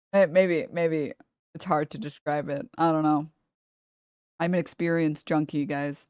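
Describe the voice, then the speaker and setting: A woman livestreamer with a fairly low-pitched voice chats casually with viewers and reads the chat. She rambles animatedly, laughs often, and swears freely. The studio-quality recording has no room sound.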